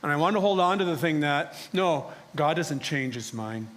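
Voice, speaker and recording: A man preaching a dramatic first-person sermon, speaking in character as the prophet and swinging from hushed pleading to loud, exasperated ranting. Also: a little high, expressive, normal speed, a little hiss or hum.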